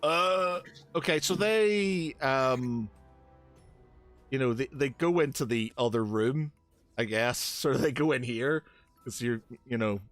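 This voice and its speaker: A man's voice: mid-range voice, takes it slowly, a bit bright, faint music behind. A man running a tabletop game as game master, hesitant, with many fillers, restarts and laughs.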